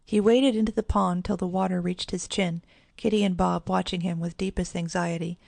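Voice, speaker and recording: Gravelly woman reading a children's story. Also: fairly low pitch, a little mellow, no echo. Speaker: audiobook narrator. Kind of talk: children's audiobook narration.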